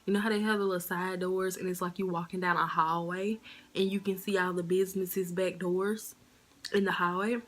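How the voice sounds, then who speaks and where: A woman vlogger telling a story to her viewers in a chatty, animated way. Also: on the low side, a little fast. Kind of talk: casual storytime vlog.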